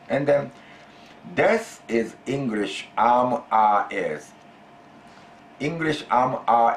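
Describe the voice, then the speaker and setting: Japanese-accented male teacher, lowish voice, repeats and stretches examples for the class. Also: a little hiss or hum. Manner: deliberate, repeats key phrases, stretches out example phrases. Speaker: language teacher. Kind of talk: classroom language lesson.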